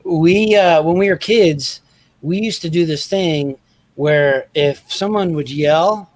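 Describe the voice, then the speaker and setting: A young adult man co-hosting a podcast, telling family stories in a casual, animated way and acting out voices. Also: fairly high pitch, takes it slowly. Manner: animated storyteller acting out his dad's lines. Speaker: podcast co-host.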